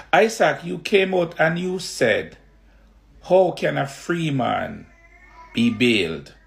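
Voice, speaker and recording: A man with a Jamaican accent, asking questions in slow, drawn-out commentary. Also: mid-range voice, creaky. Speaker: vlogger being reacted to.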